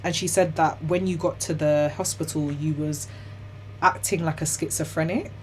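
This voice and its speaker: A young woman, telling her own story as an interview guest in a chatty, animated way, full of "like" and "you know". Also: low voice, moderate pace, slight background noise. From Ghana and the UK. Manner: laughs often while telling hard stories.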